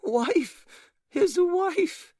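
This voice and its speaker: A man voicing a giddy elderly noble lady, shrill and breathless with laughter. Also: animated, measured pace, a little mellow, no room sound, studio quality. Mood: shrieking laughter.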